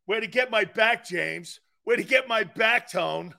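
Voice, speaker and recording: A man's voice: sits high, a little slow, creaky. A male sports talk show host bantering with live chat, teasing and sarcastic, laughing often and repeating himself. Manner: animated, repeats words and restarts.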